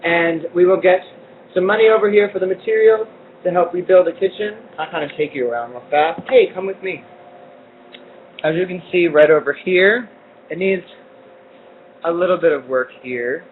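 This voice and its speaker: Playful high-voiced man hosting a cooking stream. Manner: playful, jokey, laughs often. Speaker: cooking show host. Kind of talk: casual live cooking chat. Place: indoor community kitchen. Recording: lo-fi phone-like livestream audio with faint rumble.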